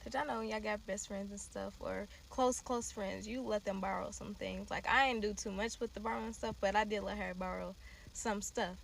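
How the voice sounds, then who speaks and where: A young woman telling a dramatic story to her listeners in a casual, animated way. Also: medium pitch, moderate pace, vocal fry, slight background noise.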